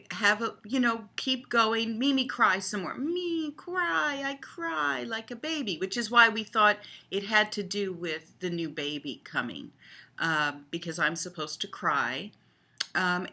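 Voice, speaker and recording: Older woman, low-pitched, slow, thoughtful video blogger; easy, hesitant delivery with lots of ums. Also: pushed and bright. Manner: unhurried, thoughtful, with frequent ums. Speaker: video blogger on child development. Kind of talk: casual talk to camera.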